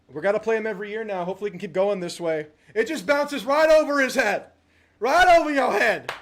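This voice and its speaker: A man hosting a live watch party, excitedly reading names from the chat. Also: sits high. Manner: rapid-fire reading of chat names, hyped. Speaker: livestream host. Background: loud music playing.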